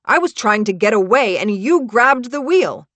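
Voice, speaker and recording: A woman voicing a hysterical, panicked teenage boy who shouts frantically in a raised voice. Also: on the high side, very animated, moderate pace, no room sound, voice pushed up. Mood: frantic.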